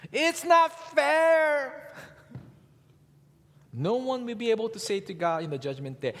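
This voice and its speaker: Husky-voiced male pastor preaching in a reverberant hall. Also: medium pitch. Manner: animated preaching with rhetorical questions to the congregation. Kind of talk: sermon.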